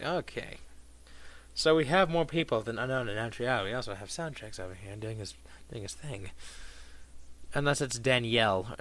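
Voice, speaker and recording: A man commentating on his own gameplay, swearing a lot and making sarcastic, excitable remarks. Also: mid-range voice. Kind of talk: profane let's-play commentary.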